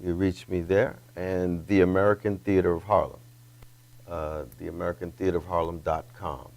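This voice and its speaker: A man who is a singer and actor, a guest in an interview, spelling things out slowly and correcting himself. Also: sits low, level tone, vocal fry, a little mellow. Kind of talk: casual interview talk.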